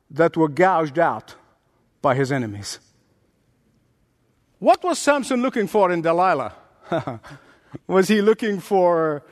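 A pastor delivers an emphatic sermon, stacking repeated phrases and building to points. His voice sits high for a man and leaps wildly up and down in pitch. The sound rings with the long reverb of a large sanctuary. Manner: emphatic preaching with dramatic pitch swings and repetition.

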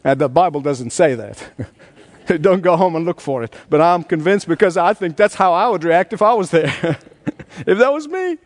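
A middle-aged man preaching a sermon, telling the story with animated energy and chuckling as he goes. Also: fairly high pitch, normal speed. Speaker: pastor.

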